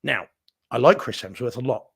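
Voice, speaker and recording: A man's voice: medium pitch, animated, moderate pace, vocal fry, a bit bright, husky. A man, co-hosting a live home theater show and giving a candid, rambling film opinion with many restarts. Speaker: podcast co-host reviewing movies. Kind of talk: casual live-stream chat.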